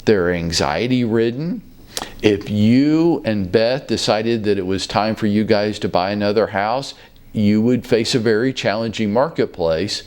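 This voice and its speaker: A man in his fifties hosting a casual talk show from his office, telling stories in a relaxed, folksy, chatty way. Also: fairly low pitch, a little slow, clean tone. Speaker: real estate brokerage leader hosting a show.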